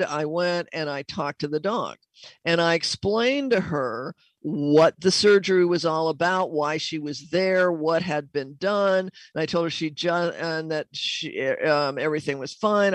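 A woman's voice: fairly low pitch, dry recording. A middle-aged woman hosting a talk show about communicating with animals, telling a long story with many fillers and restarts.

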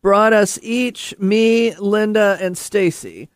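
A man's voice: sits high, takes it slowly, dry recording, studio quality. A man hosting a casual chat, talking in a rambling way with many ums and restarts. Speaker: host.

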